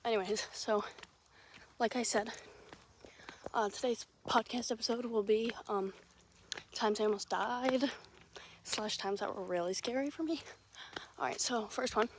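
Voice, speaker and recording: A young woman hosting her own podcast, telling a story casually, rambling and swearing, with many restarts, swinging between loud and hushed. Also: a little high, measured pace, long pauses, a little hiss or hum. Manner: lively, jumping from loud to hushed. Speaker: podcast host.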